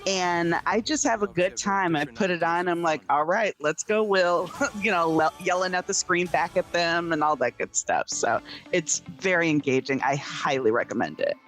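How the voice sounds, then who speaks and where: A woman film critic reviewing a series in casual chat, animated and laughing, with plenty of fillers. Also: lowish voice, moderate pace, soft background music.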